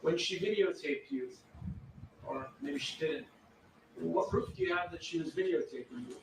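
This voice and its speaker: A somewhat high-voiced man questions a witness in court, pressing for yes-or-no answers. He sits well away from the microphone, so his voice comes through distant and echoey. A faint room hum sits underneath. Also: expressive, normal speed. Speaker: attorney. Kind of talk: courtroom cross-examination.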